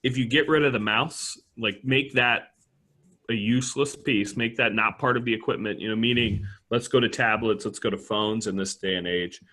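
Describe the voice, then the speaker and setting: A man's voice: on the low side, normal speed, sharp tone. A man co-hosting a podcast who chats casually and tells wry anecdotes. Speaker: podcast co-host. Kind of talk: casual conversational chat.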